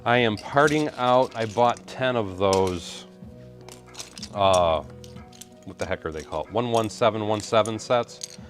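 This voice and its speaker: Deep-voiced man rambling on a live stream. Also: a little slow, soft background music. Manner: rambling, greets viewers while sorting bricks. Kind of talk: casual live-stream chat. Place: home hobby room. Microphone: mic kept a little away from the face.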